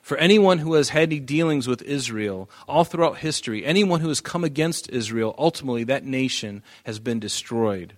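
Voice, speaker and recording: A man's voice: medium pitch, animated, a little fast, hardly any pauses. Emphatic man preaching a sermon. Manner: emphatic, rising and falling in volume, reads scripture aloud. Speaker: pastor. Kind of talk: expository sermon.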